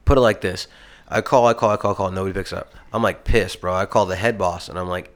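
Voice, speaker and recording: A man's voice: sits low, steady tone, fast talker. A young man co-hosting a casual podcast, telling a heated rambling story full of swearing. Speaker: podcast co-host.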